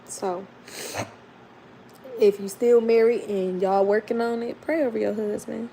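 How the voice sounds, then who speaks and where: Gravelly-voiced woman chatting on a livestream. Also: a little high, steady tone, unhurried, dark tone, a little hiss or hum, poor audio. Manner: chatty, heartfelt, addresses viewers as y'all. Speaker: livestream host. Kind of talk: casual livestream chat.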